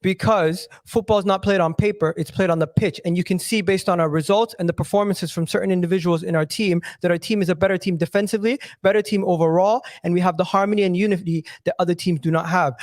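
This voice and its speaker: A man's voice: high voice, fairly even intonation, fast talker, few pauses, no echo, studio quality. A man arguing insistently as a guest in a heated football debate on a video call. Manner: insistent and argumentative. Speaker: guest pundit.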